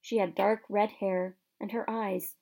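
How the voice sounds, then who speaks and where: A woman narrating a storybook in a soft, measured, hushed way. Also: mid-range voice, little pitch movement, vocal fry, slight background noise. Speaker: audiobook narrator.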